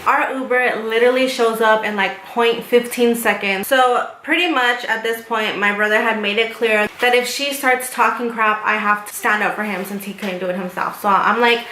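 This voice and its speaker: A woman's voice: a little high, roomy sound, a little hiss or hum, low-quality recording. Chatty young woman telling a story. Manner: animated storytelling, quoting others. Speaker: YouTuber. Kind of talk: storytime while doing makeup.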